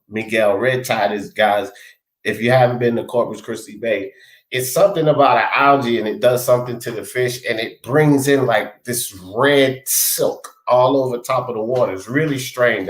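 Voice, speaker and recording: A man hosts a casual live talk stream and rambles as he goes. He reads viewer comments aloud and answers people by name. His voice sits in a middle pitch and bounces around an echoey room. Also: moderate pace. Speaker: livestream host reading chat.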